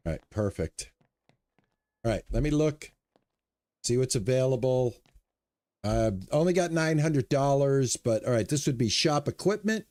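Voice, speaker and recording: A man's voice: mid-range voice, no room sound. A man streaming a shop game live, talking through his moves and chatting with viewers. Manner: relaxed, chats with viewers between game remarks. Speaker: gaming streamer. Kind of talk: live stream commentary while playing.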